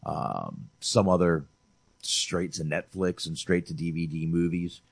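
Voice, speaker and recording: A gravelly, low-voiced man speaking a little slowly co-hosts a podcast reviewing films, heard in a dry recording. His talk is loose and lively, full of profanity, and he keeps calling his buddy "dude."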